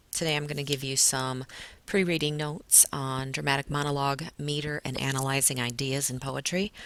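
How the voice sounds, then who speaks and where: A young woman teaching a class, her voice bright and clear. She explains patiently, now and then slowing down to stretch out a word. A classroom lecture style with plenty of "um"s. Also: rumbling low. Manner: patient explaining, stretches words to show stress.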